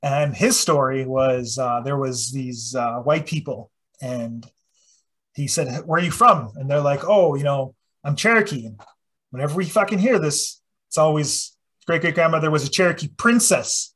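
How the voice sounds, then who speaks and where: Man, high voice, husky, profane animated storytelling, casual talk. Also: moderate pace. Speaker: presenter.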